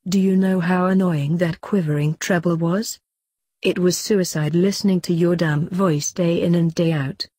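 A woman's voice: fairly low pitch, steady tone, normal speed, dark tone, breathy edge, no echo, clean studio sound. Woman reading as a brash, mouthy young witch. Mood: exasperated. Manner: blunt and exasperated.

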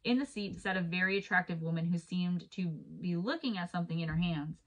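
A woman's voice: fairly low pitch, fairly quick, low-quality recording. A woman hosting a show, reading listener stories aloud in a chatty, heartfelt way with apologetic asides. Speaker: host.

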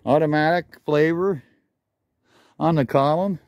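Filming as he wanders a junkyard outside, this vlogger chatters excitedly about the vehicles he spots, a bit short of breath. His darkish voice sits a little high and moves a little slowly, with no echo in this casual walk-around.

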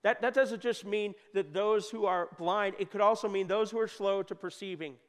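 A man preaching a sermon in a church, talking conversationally and joking, with sudden loud bursts. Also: sits high, normal speed. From United States. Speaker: pastor. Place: church hall. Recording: long hall reverb.

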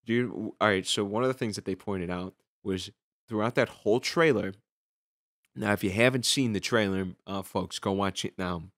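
Low-voiced young man rambling on a podcast. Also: moderate pace, a bit bright, no echo, clean studio sound. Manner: rambling storytelling with many fillers and restarts. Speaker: podcast host. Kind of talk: casual podcast chat.

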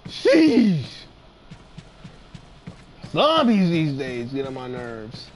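Brief: male gamer host, high and very animated, unhurried delivery, shouts and taunts at the screen. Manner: excitable, yells and trash-talks at the game. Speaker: gaming channel host. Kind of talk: let's play commentary. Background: game music.

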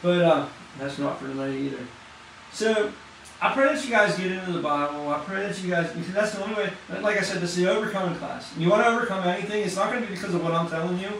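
A man giving an impassioned testimony sermon at church, talking fast and casually with slang. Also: high-pitched, gravelly, fairly bright tone, slight background noise. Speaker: church class leader. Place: church hall. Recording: very echoey hall, distant mic.

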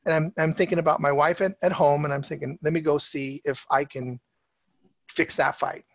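A middle-aged man with a slightly high voice tells a story to a room, loose and conversational, piling up fillers and restarts as he goes. The sound is dry and close, a bit dull and lo-fi. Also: fairly even intonation, normal speed, vocal fry, no echo. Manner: casual, chatty, many fillers and restarts. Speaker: speaker telling a personal story. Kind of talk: storytelling talk to an audience. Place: presentation stage.

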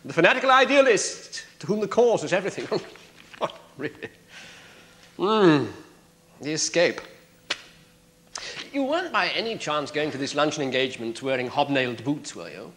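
An actor playing a sharp, sardonic prosecutor cross-examining a witness in a courtroom drama. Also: male voice, a little high, sing-song, normal speed, pauses often, slight background noise. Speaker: prosecuting barrister.

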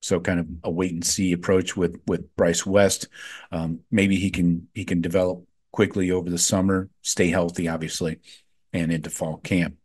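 A man's voice: low voice, level tone, moderate pace, a little mellow, breathy edge. A man hosting a sports podcast, chatting casually with lots of fillers and frank opinions. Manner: offhand, filler-heavy, gives frank opinions.

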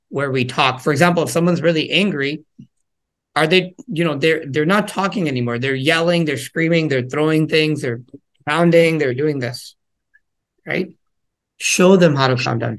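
A man's voice: fairly high pitch, a bit bright. A man giving a casual talk to parents on listening to children, acting out little exchanges between parent and child as he goes. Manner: conversational, acts out parent and child quotes. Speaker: parenting workshop speaker.

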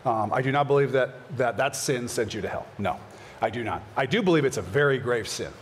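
A man's voice: animated, a little fast, a little hiss or hum. A man pastor answering questions from his congregation in an earnest, conversational way. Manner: earnest, conversational, acts out short prayers in a higher voice. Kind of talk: church Q&A session.

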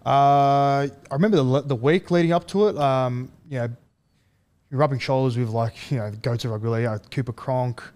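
A man, a guest telling stories in a relaxed, halting way with frequent chuckles. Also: mid-range voice. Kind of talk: casual storytelling.

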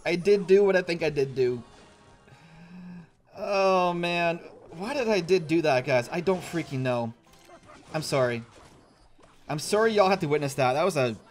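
A young man talks through a mobile game match in a chatty, self-mocking way and laughs often. His voice sits a little high and swoops up and down with lively energy. Faint music plays behind him. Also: normal speed, pauses often. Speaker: gaming YouTuber. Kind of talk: casual gameplay commentary.

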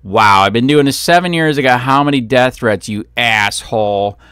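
A man's voice: medium pitch, moderate pace, fairly bright tone, clear, resonant tone, no echo, studio quality. A man vlogging about police, ranting angrily with heavy swearing and sarcasm. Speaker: copwatch vlogger. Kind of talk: angry ranting commentary.

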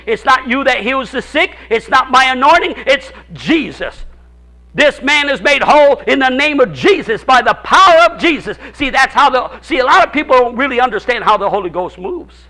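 A man pastor preaching a sermon at a church service, repeating phrases for emphasis and swinging between shouts and hushed tones. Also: very high voice.

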